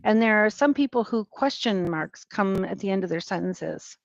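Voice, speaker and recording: A woman's voice: mid-range voice, lively intonation, moderate pace, vocal fry, dry recording. Emphatic woman guest on a dull, dry line. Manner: emphatic, explanatory, acts out examples. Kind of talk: casual chat.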